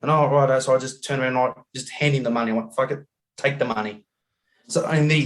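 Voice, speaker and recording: An Australian man telling a travel story as a podcast guest over a video call, animated and laughing often, acting out the people he met. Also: mid-range voice, a little fast. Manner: animated yarn-spinning, acts out voices, laughs often.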